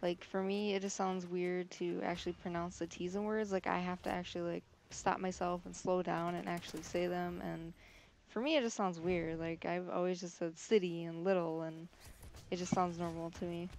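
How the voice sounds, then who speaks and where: A woman's voice: on the low side, little pitch movement, vocal fry, a little mellow, a little hiss or hum. A young woman from Michigan with a Michigan accent, talking casually to camera in a vlog, nasal on her short O sounds, running her words together with lots of "like". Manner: fast, run-together speech with many "like" fillers. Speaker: vlogger.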